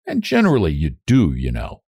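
A man's voice: low voice, wildly swooping pitch, brisk, creaky, darkish tone, slightly rough, no echo, clean studio sound, exaggerated voice. A man voicing a proud young woman who speaks coolly and with slight contempt. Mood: teasing. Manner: cool, clipped, faintly contemptuous.

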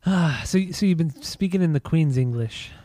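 Casual man with a mellow, dry voice. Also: on the high side, expressive, moderate pace, no echo. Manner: loose, swearing, trailing off and restarting. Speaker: podcast co-host. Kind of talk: casual chat about music.

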